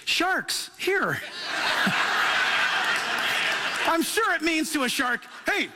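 Man, pastor, sermon, high voice, storytelling with laughs. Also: drawn-out words, heavy background noise. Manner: storytelling, laughing, animated asides.

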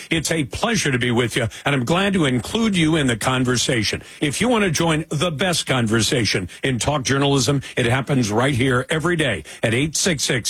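A male talk radio host delivers his monologue with a slightly husky voice. He talks in an emphatic, conversational way and adds personal asides. The studio sound is dry and close. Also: mid-range voice, fairly bright tone, dry recording, poor audio.

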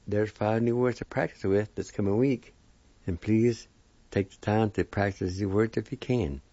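A man speaks slowly, spelling out each word and repeating its pronunciation for learners. His voice sits low and mellow. The recording is dry and dull, with little high end. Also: dry recording. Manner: slow, careful, spells letter by letter and repeats words. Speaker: language teacher. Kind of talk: slow spelled-out vocabulary lesson.

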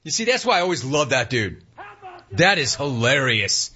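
A man hosting a sports talk radio show, teasing listeners with amused, rapid-fire rhetorical questions. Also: mid-range voice, very animated, lo-fi sound, heavy background noise.

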